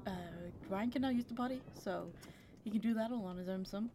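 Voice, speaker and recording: A woman's voice: a little high, a little fast, warm tone, slight background noise. A woman giving casual let's-play commentary, chatty and giggly, talking to her characters as she plays. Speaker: gaming channel creator.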